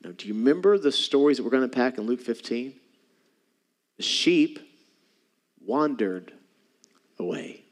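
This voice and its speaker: A man preaching a sermon as pastor, animated, swinging from hushed, intimate lines to emphatic ones. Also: medium pitch, unhurried, long pauses, in a large hall.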